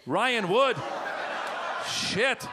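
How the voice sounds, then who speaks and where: A middle-aged, Iranian-born man works the crowd during a stand-up set on a comedy club stage. He's animated and quick to jump into loud put-on voices. His voice is very high-pitched, and the background is noisy.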